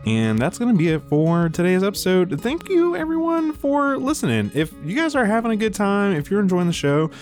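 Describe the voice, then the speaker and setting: A man's voice: high voice, lively intonation, brisk, hardly any pauses, darkish tone, faint music behind. A man hosting a comedy tabletop podcast, chatting loosely with the players and reading the outro. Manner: laid-back, swears and laughs. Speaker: podcast host. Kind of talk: casual chat and show outro.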